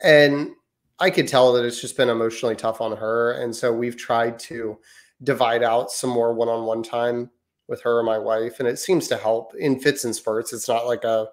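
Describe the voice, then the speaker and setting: Relaxed American dad podcast host. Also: male voice, medium pitch, moderate pace. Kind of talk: casual podcast chat.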